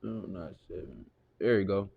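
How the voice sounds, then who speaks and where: A man's voice: low-pitched, animated, normal speed, gravelly, phone-quality sound, slight background noise. A man teaching a casual Bible lesson, talking loosely and conversationally with lots of "you know" and the odd curse.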